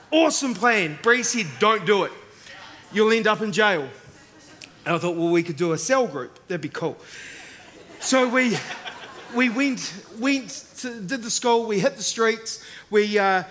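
An Australian man delivers a sermon, warm and casual, slipping into acted voices as he tells stories. His voice sits high for a man. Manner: animated, acts out voices in anecdotes. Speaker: preacher. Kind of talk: sermon with storytelling.

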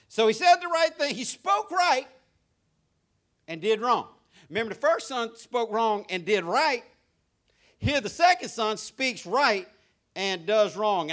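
A middle-aged man delivers a church sermon. His voice sits notably high for a man, and he preaches in a plain, emphatic way, circling back to repeat his points. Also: a bit bright. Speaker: pastor. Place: church sanctuary.

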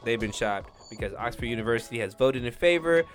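A man's voice: medium pitch, animated, quick pace, soft background music. Rambling, laughing comedy podcast man. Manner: rambling storyteller, laughs often, swears a lot. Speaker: podcast co-host. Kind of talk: crude comedic banter.

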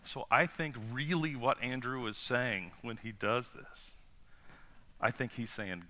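A man's voice: medium pitch, a little slow. A male pastor preaching a sermon in a casual, conversational way, often putting rhetorical questions to the congregation. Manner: casual and animated, asks the congregation rhetorical questions, acts out quotes.

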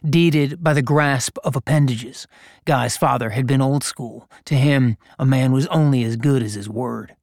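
A man reading a gritty story aloud in a measured, deliberate narration. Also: medium pitch, a little mellow, no room sound, studio quality. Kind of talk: scripted narration.

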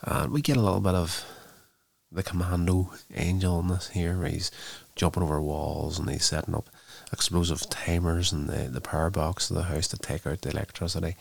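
A man's voice: deep voice, steady tone, a little fast, vocal fry, darkish tone, slightly rough. A man casually recapping a TV episode, rambling with lots of fillers and restarts.

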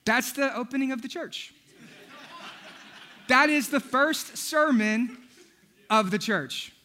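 Bright, high-voiced pastor preaching with gusto. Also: male voice, slow pace. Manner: storytelling, acts out quotes, shouts for emphasis. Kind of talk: energetic comedic sermon.

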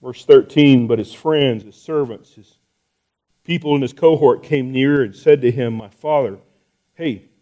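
A man preaching a sermon, asking rhetorical questions and restarting phrases, swinging between loud pleas and soft asides. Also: mid-range voice, unhurried. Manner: repeats words and restarts phrases. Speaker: pastor.

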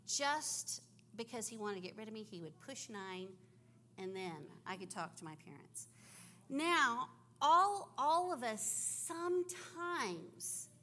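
A woman who grew up in Africa, telling a lively story in a church sermon for children, acting out the voices. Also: sits high. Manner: animated storytelling with acted-out voices. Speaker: teacher and preacher.

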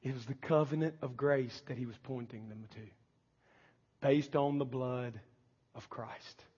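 A man's voice: mid-range voice, steady tone, a little slow, a little mellow, slightly rough, in a large hall, lo-fi sound. A man preaching a sermon as pastor, with impassioned delivery and pleading prayers acted out. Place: church sanctuary.

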